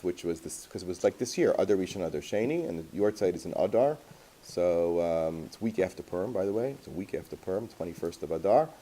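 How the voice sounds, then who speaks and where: A man, a rabbi, telling a personal story to a class in a lively, anecdotal way, sprinkling in Yiddish and Hebrew terms. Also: low voice.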